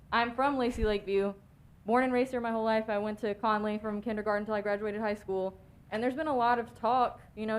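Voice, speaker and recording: A woman's voice: mid-range voice, a little hiss or hum. A young woman giving an impassioned, plainspoken public comment at a city council meeting. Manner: impassioned, plainspoken, grows worked up. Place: council chamber.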